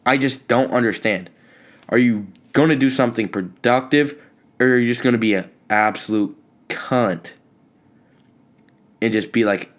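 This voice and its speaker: Young male podcast host, comic storyteller, exasperated ranting, middle-pitched voice, jumps up high when excited. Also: measured pace, pauses often. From California. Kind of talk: comedic storytelling monologue.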